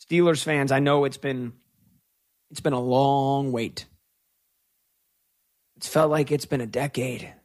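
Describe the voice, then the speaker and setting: A male sports radio host with a fairly high voice, arguing his opinions with emphatic, stretched-out words. He runs a call-in show and talks with conviction. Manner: opinionated, emphatic, with drawn-out stresses.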